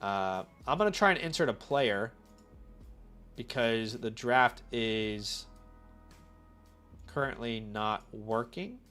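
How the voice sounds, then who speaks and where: A man hosts a casual live stream while fighting a cold, talking in a bright, forceful voice. He is chatty and animated, and keeps turning to his audience with direct questions. Soft music plays faintly under his voice. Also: mid-range voice, takes it slowly, long pauses. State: has a cold. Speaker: fantasy football live-stream host.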